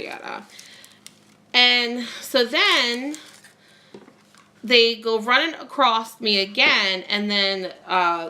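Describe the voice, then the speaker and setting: A woman's voice: mid-range voice, gravelly, bright, forceful tone. A woman vlogging at home, chatting casually while crafting and telling a long rambling story full of fillers.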